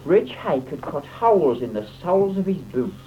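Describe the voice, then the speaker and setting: A man's voice: a little high, sing-song, normal speed. A man reciting comic verse in a theatrical, mock-dramatic way, on a dull, slightly noisy old recording. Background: audience laughter.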